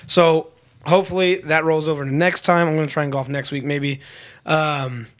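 A young man co-hosting a casual podcast, telling a story with lively mimicry of other people. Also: normal speed. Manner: animated storyteller, mimics others with sudden high voices. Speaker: podcast co-host.

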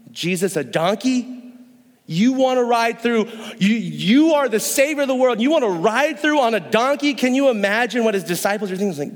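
A man's voice: very high voice, lively intonation, moderate pace. A young man preaching a sermon in a church, joking playfully and acting out voices. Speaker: pastor. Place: church hall. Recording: long hall reverb.

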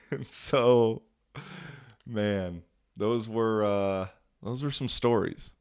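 A man's voice: lowish voice, extremely slow, clean tone. Laid-back young man telling stories. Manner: laid-back, slangy, lots of filler words. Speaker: podcast host. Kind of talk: casual storytelling monologue.

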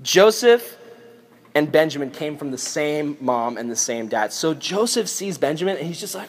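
A young man giving a casual, joking Bible lesson, retelling the story in an animated, playful way. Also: a little high, normal speed. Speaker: youth Bible teacher.

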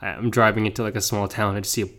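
A man's voice: fairly low pitch, level tone, racing, a bit bright. A man co-hosting a podcast in casual chat, joking and rambling, often breaking into laughter. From Canada. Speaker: podcast co-host.

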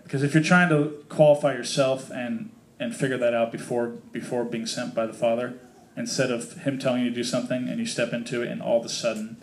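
A man's voice: medium pitch, a little mellow. Chatty man teaching a Bible study. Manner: chatty, joking, lots of fillers.

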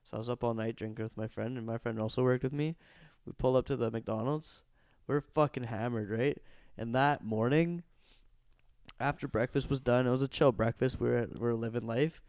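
A young man with a mid-pitched voice chats in a laid-back, profane way and laughs easily. He tells his own stories with bursts of loud disbelief. The recording is dry, with no room behind it. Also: fairly even intonation, moderate pace, smooth, dry recording. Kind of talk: casual podcast chat.

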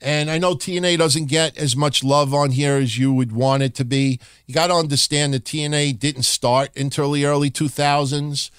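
A man's voice: a little high, steady tone, moderate pace, few pauses, a bit bright, clear, resonant tone, dry recording, studio quality. A man hosting a podcast, explaining wrestling history in a casual, conversational way. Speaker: podcast host.

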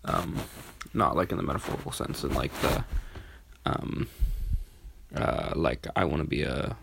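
A man's voice: a bass voice, measured pace, vocal fry, noisy background. A tired young man hosting a podcast, rambling with many fillers in a casual monologue. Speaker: podcast host.

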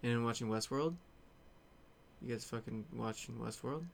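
A man chatting casually to his viewers while stuck on hold, rambling and joking in a deadpan way. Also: mid-range voice, moderate pace, gravelly, slight background noise. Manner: deadpan, rambling, muttering jokes to himself. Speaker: vlogger.

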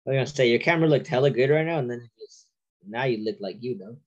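A man's voice: medium pitch, fast, darkish tone, highs cut off. A man co-hosting a casual podcast, talking in blunt, streetwise slang and teasing his co-host.

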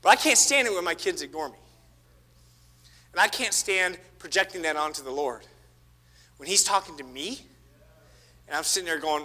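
A man preaching a sermon, swinging between loud exhortation and hushed asides. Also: fairly high pitch, expressive, moderate pace, long pauses. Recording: reverberant church hall.

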